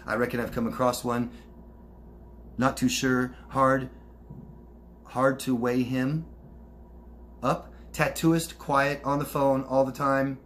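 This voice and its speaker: Male life coach, mid-pitched, casual solo Q&A, faint hiss behind. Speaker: life coach answering viewer questions. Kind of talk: casual solo Q&A, reading out comments.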